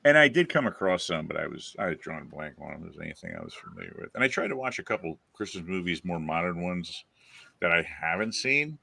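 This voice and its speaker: Low gravelly man hosting a movie chat. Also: sing-song, fast talker, bright, forceful tone, dry recording. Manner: enthusiastic, laughs often. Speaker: podcast host.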